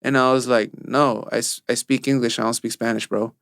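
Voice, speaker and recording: A man's voice: mid-range voice, fairly even intonation, fairly quick, vocal fry, hardly any pauses, a bit bright, clean tone, no echo, clean studio sound. A young man co-hosting a casual podcast, telling work stories and mixing in Spanish phrases. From Mexico. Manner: storytelling, mixes in Spanish phrases. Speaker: podcast co-host. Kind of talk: casual chat.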